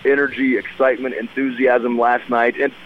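A man's voice: mid-range voice, level tone, moderate pace. A man, a senator, calling in as a radio guest with his voice nearly gone, running through upbeat talking points with lots of "uh" fillers. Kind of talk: phoned-in radio interview. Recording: tinny phone line, faint noise.

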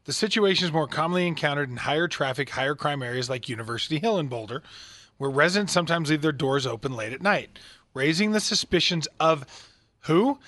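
Indignant talk radio man, bright voice. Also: fast, no room sound. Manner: indignant, animated, rising pitch when outraged. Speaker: radio talk show co-host.

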